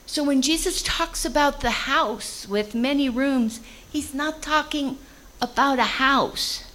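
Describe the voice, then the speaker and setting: A woman's voice: high voice, takes it slowly, pushed and bright, poor audio. A woman preaching a conversational sermon, reading scripture and explaining it in plain everyday language.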